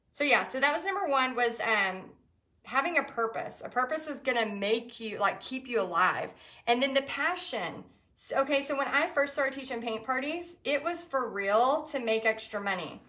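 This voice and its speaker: A woman's voice: mid-range voice, sharp tone. A woman, chatting in a rambling, emotional way with many fillers while she paints live for viewers. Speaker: painting instructor hosting a live stream.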